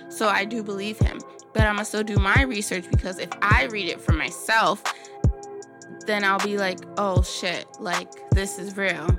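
A woman hosting a casual solo podcast, talking frankly and chattily and swearing now and then. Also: mid-range voice. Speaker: podcast host.

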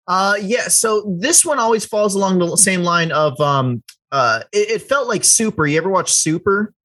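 Podcast guy rambling about movies, kinda high voice, dry close sound. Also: normal speed, no room sound. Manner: rambling, restarts often, lively pitch jumps. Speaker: podcast co-host. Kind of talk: casual film chat.

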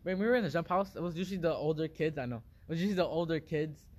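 An excitable teenage boy chatting with friends, full of "like" and quick laughs. His voice sits high for a guy. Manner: excitable, laughs often, heavy use of "like". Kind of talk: casual chat.

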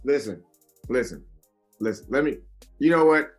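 Excitable man hosting a podcast. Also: mid-range voice, moderate pace, soft background music. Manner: excitable, loud bursts and repeated restarts. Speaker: podcast host. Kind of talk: casual chat.

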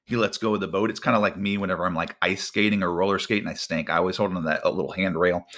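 A pastor delivers a sermon in a lowish male voice. He is animated, slowing down and stretching out key phrases to drive them home. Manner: animated preaching with drawn-out emphatic phrases.

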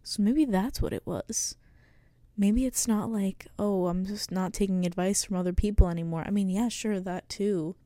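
A woman's voice: mid-range voice, normal speed, dark tone, no room sound. A woman in her late teens hosting a casual solo podcast, talking in a reflective, rambling way with lots of fillers, close to the mic. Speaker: podcast host. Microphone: close studio microphone.

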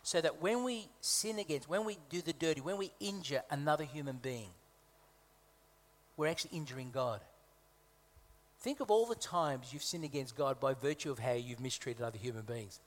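A man's voice: a little high, lively intonation, normal speed. A man from Malta, a guest preacher, delivering a conversational sermon with humorous asides and emphatic repetition. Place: church hall. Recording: reverberant hall.

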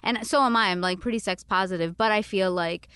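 A woman in her thirties hosting a casual chat, animated and frank, with lots of fillers and some swearing. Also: mid-range voice, a little fast, clean tone, dry recording.

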